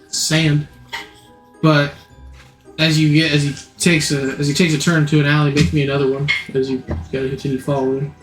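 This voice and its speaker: A man's voice: a little high, level tone, brisk. A man narrating a tabletop game as game master, rambling, correcting himself and laughing. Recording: echoey room, faint music.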